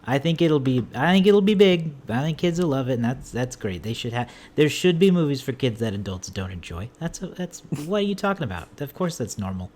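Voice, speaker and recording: Man, mid-pitched voice, podcast host, dry sarcastic humor, casual. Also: lively intonation, brisk, hardly any pauses, darkish tone. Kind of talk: casual movie podcast chat.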